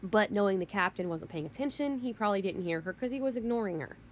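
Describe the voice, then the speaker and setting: A woman vlogger rants straight to camera, piling up restarts and repeated phrases as she presses her point. Her voice sits at an ordinary middle pitch for a woman. A faint noise runs under the talk. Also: expressive, quick pace. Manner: emphatic, rambling, repeats herself. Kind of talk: ranting monologue.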